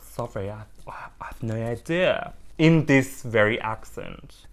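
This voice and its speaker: A man vlogging casually as he unboxes plants, animated, playful and quick to mock himself. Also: mid-range voice. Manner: animated, playful and self-mocking. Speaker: orchid hobbyist vlogger.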